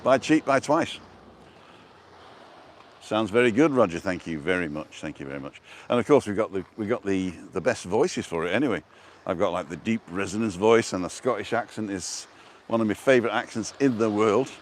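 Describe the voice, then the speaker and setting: A man hosts a casual walking vlog on a seafront promenade, chatting and reading viewer comments into a wireless lapel mic. His voice sits fairly low and moves at a moderate pace, with slight background noise.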